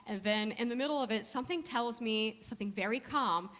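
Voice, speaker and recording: Woman minister preaching, kinda high voice, chatty storytelling, slows way down to make a point. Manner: conversational storytelling with slow soft emphasis. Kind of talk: sermon.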